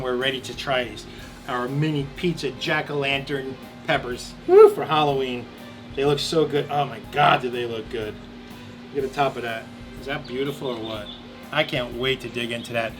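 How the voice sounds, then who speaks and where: A man's voice: mid-range voice, steady tone, moderate pace, fairly bright tone, soft background music. A man hosting a casual cooking demonstration at an outdoor grill, chatty and enthusiastic, talking straight to the camera. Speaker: cooking show host.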